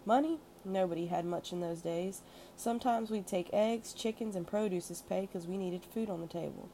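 A woman voicing a warm, blunt old madam. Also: medium pitch, moderate pace, slight background noise, natural voice, rough recording. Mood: frank. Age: older. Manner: soft, warm, cultured, sometimes peevish and blunt. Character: kindly elderly wealthy madam, blunt and warm.

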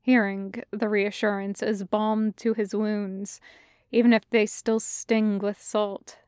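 A woman narrating a fan audiobook in a slow, measured reading. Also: medium pitch, level tone, a little mellow, clear, resonant tone, no echo, studio quality.

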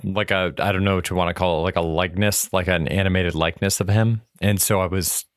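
A man in casual film discussion chat, talking in a thoughtful, measured way with some hedging. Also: deep voice, steady tone, no echo, clean studio sound. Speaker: podcast co-host.

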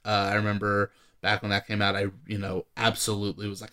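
A man's voice: lowish voice, completely flat delivery, quick pace, sharp tone. A man co-hosting a casual film podcast, hesitant and full of fillers, trailing off mid-thought. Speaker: podcast co-host, working actor. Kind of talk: casual chat about movies.

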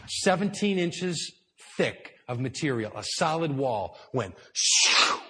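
A man of average pitch delivers a sermon inside a church hall. He tells the story dramatically, sinking to hushed, slow phrases and then rising to loud, emphatic lines. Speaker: preacher. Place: indoor church hall with high ceiling.

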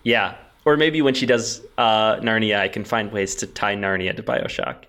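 A man's voice: on the low side, normal speed, pushed and bright. A man co-hosting a podcast, rambling through goofy comedic bits in casual chat. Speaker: podcast co-host.

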